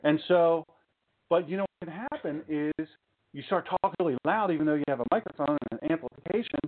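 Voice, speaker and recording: A man's voice: a little high, a little fast. A man giving an informal sermon talk as a preacher, chatty and joking, full of rhetorical questions and asides. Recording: tinny phone-like sound.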